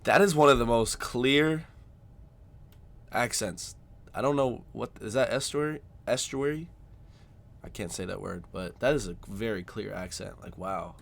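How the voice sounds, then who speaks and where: A man's voice: lowish voice, a little slow, creaky. Chatty American man reacting. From United States. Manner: amazed, chatty, trails off quietly. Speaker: reaction video host. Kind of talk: casual reaction commentary.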